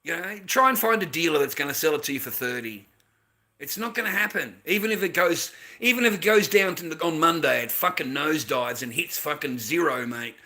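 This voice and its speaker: This profane, casual rant comes from an Australian man whose voice sits on the high side, a little fast, sharp, with lively intonation. He's blunt and repetitive, cursing freely and constantly adding "mate".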